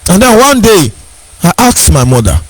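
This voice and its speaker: A man's voice: high voice, sing-song, moderate pace, dry recording, rough recording. A Nigerian man giving an impassioned speech, stressing his points by repeating questions and phrases. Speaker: speaker.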